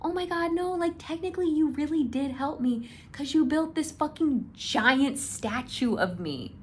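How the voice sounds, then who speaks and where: A bashful, flustered young male god, as a woman puts him on. His voice is pitched up high and soft, and he stammers sweetly. It sounds like a fan acting out a storybook moment. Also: lively intonation, measured pace, slight background noise.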